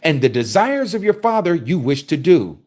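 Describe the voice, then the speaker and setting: A man preaching a sermon, reading scripture aloud and explaining it with forceful rhetorical questions. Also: fairly high pitch, big pitch swings, moderate pace.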